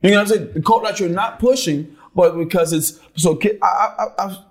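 A man with a somewhat high, lively voice tells a story in casual, colloquial speech. His words tumble out, and he repeats himself as he builds to the point. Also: fairly quick. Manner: animated storyteller, repeats words when excited. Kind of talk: casual chat.

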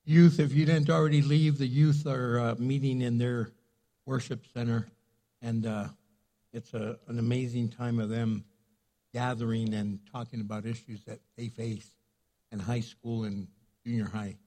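A man's voice: medium pitch, little pitch movement, moderate pace, warm tone. An older man preaching a sermon as pastor in a church sanctuary, talking conversationally with frequent fillers.

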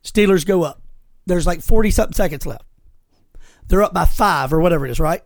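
Speaking fairly quickly in a voice that sits high, this co-host tells a lively story on a podcast. The recording is dry, and his casual chat is thick with profanity.

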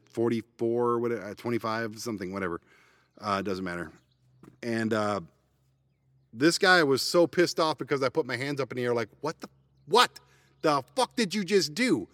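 A man's voice: medium pitch, fairly bright tone, dry recording. Ranting man with a dry close sound. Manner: blunt, profane, sarcastic ranting. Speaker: podcast host. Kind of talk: ranting solo podcast. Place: parked van.

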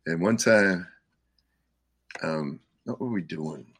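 An older man, a musician guest, telling rambling stories in casual talk, full of "you know" and quick laughs. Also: sits low, fairly bright tone, slightly rough, no echo. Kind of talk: casual storytelling.

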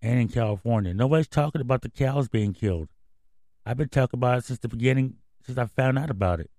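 A man's voice: mid-range voice, fast talker, dark tone, no echo, studio quality. A man hosting a comedy radio show, ranting in a profane, rambling, conspiratorial way. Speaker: host. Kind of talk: casual radio rant.

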